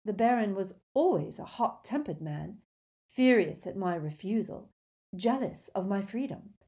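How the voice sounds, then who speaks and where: Woman doing a proud ghost lady, stiff, disdainful, low mellow voice, audiobook. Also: expressive, measured pace. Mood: confessing. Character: haughty, proud woman ghost, cold then confessing. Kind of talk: audiobook character reading.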